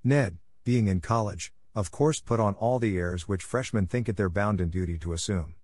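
A man narrating a classic novel audiobook in a steady, measured reading on a close mic. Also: fairly low pitch, dry recording.

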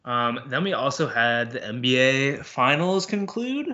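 A man's voice: medium pitch, lively intonation, a little slow, bright, forceful tone. A young man hosting a sports podcast, chatting casually and rambling with lots of fillers. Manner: loose and rambling, many fillers. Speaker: podcast host. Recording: dull lo-fi podcast audio.

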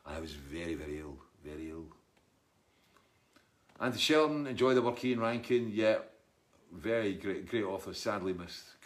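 A middle-aged Scottish man and musician, chatting casually and wryly as he reads out and answers viewer comments. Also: fairly low pitch. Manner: rambling, chatty, wry. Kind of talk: casual live chat reading comments.

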